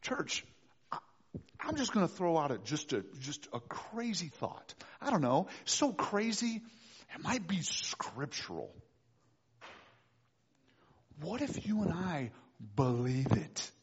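A man preaching a sermon as pastor, animated and quick to act out voices of the people in the story. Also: a little high, breathy edge. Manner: animated, acts out voices of figures. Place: church sanctuary. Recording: dull lo-fi recording with long reverb in a church.

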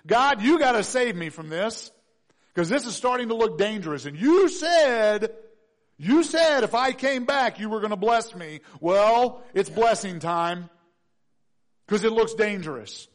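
A pastor acting out a nervous, scheming younger brother who pleads and frets aloud during a sermon. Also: male voice, sits high, normal speed, close to an everyday voice. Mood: pleading. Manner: nervous, pleading, talking to himself. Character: anxious scheming younger brother, grown man.

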